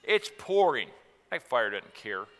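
A man, from Tennessee, preaching a sermon about marriage in an earnest way, going from soft to loud. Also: mid-range voice, very animated, a little slow, long reverb tail.

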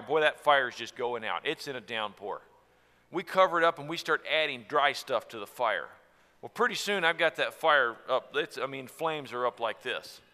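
Preacher with a bright voice in a hall. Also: male voice, fairly high pitch. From Tennessee. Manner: earnest, swings from soft to loud. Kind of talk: sermon on marriage.

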